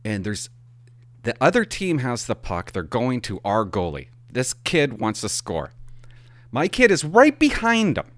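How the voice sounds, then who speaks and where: A middle-aged man, a hockey parent, telling a rambling, animated story in a casual monologue and swearing for emphasis. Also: mid-range voice, unhurried.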